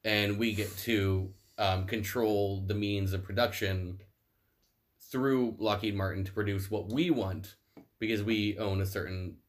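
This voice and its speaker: Laid-back young man, lowish voice. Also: steady tone, a little slow. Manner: chatty, laughing, swears casually. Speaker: podcast co-host. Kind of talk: casual chat.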